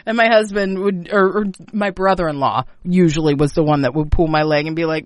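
A woman, a guest on a radio show, telling stories in a lively way and laughing often. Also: on the low side, fast talker, hardly any pauses, no echo, studio quality. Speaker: guest, mother of two. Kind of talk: casual chat.

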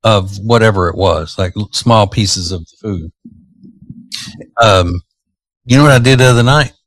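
A man co-hosts morning radio from the studio in a relaxed, easygoing way, laughing often. His voice sits a little low, and the sound is dry and close. He tells casual stories at an unhurried pace. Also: no echo. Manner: laid-back, laughs often. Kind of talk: casual morning show banter.

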